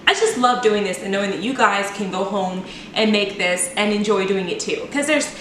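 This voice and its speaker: In a casual cooking demo, a woman decorates a cake and jokes at her own expense, chatty and playful. Her mid-range voice has a fairly bright tone at normal speed. Recorded in an echoey home kitchen with a distant mic, it carries slight background noise.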